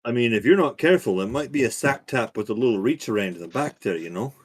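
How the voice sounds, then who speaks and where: A man's voice: medium pitch, lively intonation, quick pace, slightly rough. A man playing a tabletop role-playing game, chatting casually with crude, joking banter.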